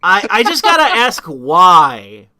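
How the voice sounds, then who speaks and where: Guy on a stream, kinda high voice, asks rhetorical questions, keeps restarting. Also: huge pitch swings, slow, pushed and bright, a little hiss or hum. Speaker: stream host. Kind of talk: casual political chat.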